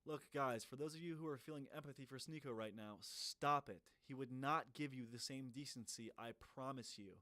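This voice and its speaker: A man's voice: medium pitch, a little fast, few pauses, bright, forceful tone, no echo. Profane, mocking man with a dry voice. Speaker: commentary streamer. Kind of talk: reaction commentary.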